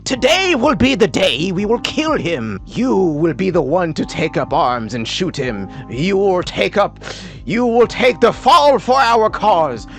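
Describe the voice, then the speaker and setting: Dude putting on a hammy villain voice, big and theatrical, swings up high. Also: male voice, very animated, unhurried, soft background music, full character voice. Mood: grandiose. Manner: grandiose, theatrical declaring. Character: melodramatic male conspirator plotting an attack.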